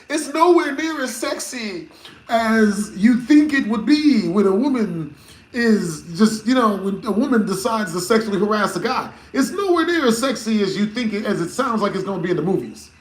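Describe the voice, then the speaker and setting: Guy streamer with a high voice, slangy and rambly, chatting to his viewers in an echoey room. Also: moderate pace. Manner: slangy, rambling, animated, laughs often. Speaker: live streamer. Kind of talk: casual storytelling to live chat. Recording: roomy echo.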